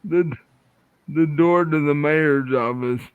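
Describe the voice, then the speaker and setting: A man narrating as game master of a tabletop game, halting and restarting as he describes scenes, over a tinny phone-like line. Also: a little high, clear, resonant tone, dry recording.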